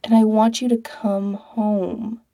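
A woman's voice: medium pitch, little pitch movement, slow, mellow, dry recording, pitched above the performer's own voice. A woman reading the part of an affectionate, persistent young man, earnest and coaxing.

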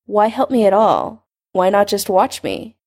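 A guarded young man, a wizard on the back foot, as a woman reader gives him voice in a storybook audiobook. He answers in a wary, blunt way, with a melody that moves widely around a middle pitch. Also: sing-song, measured pace, a little mellow.

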